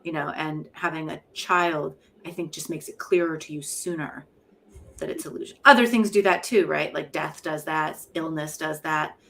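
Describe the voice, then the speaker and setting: A woman's voice: sits low, steady tone, moderate pace, gravelly, fairly bright tone, a little hiss or hum. A middle-aged woman, a poet and professor, talking frankly and reflectively in an interview, often laughing at herself. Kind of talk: candid conversational interview.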